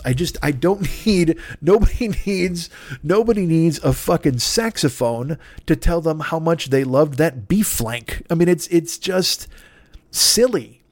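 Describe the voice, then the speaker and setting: A man's voice: fairly high pitch, dry recording. A man hosting a podcast, ranting in a casual comic way, swearing often and sounding exasperated. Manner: profane, exasperated, emphatic. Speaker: podcast host. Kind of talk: casual comedic rant.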